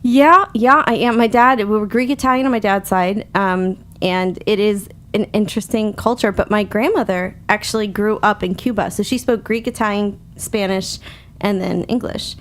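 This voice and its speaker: A woman's voice: mid-range voice, normal speed, a bit bright, a little hiss or hum. A woman hosting a radio talk show, chatting in a giggly, self-mocking, bawdy way with a slight stutter. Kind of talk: casual comedic chat.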